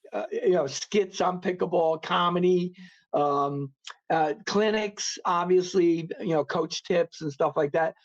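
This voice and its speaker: Casting: New York man as a chatty podcast guest, a little high-pitched, rambling, muffled remote line. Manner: rambling, many fillers and restarts. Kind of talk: casual interview chat.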